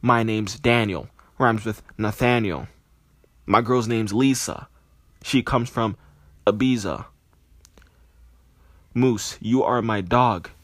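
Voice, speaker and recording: A man's voice: fairly low pitch, takes it slowly, pauses often, fairly bright tone, no echo. A man voicing a panicking, nervous young male driver who mutters to psych himself up. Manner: mumbling, talking himself up under his breath.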